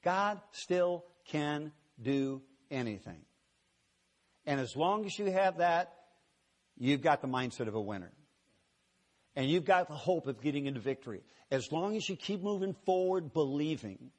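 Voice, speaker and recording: Slightly high-voiced storytelling pastor. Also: male voice, lively intonation, a little mellow. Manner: folksy storytelling, unhurried. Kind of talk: sermon.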